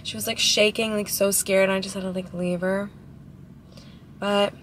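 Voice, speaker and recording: A woman's voice: mid-range voice, level tone, moderate pace, pauses often, fairly bright tone, a little hiss or hum. A bubbly, talkative woman of about twenty, vlogging casually from her car at a drive-thru. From Ohio, USA. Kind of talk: casual chatty vlog. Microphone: camera in the car.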